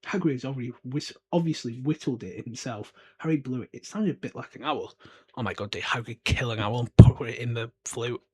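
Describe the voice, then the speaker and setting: A man's voice: mid-range voice, brisk, breathy edge. A British man in his twenties hosting a podcast in a casual, rambling book discussion, chatting loosely and swearing offhand. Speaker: podcast host.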